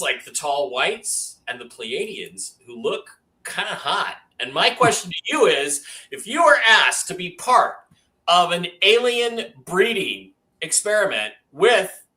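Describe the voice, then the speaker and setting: Brash, bright-voiced male talk show host. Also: high-pitched, poor audio. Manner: brash, profane, animated storytelling. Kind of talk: casual panel talk show.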